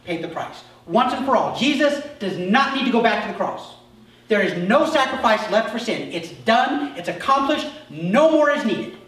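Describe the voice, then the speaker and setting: Slow high-voiced pastor guy preaching, goes quiet then loud, church mic far off and super echoey. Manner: emphatic, drops to soft asides then rises sharply. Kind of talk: sermon. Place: church sanctuary.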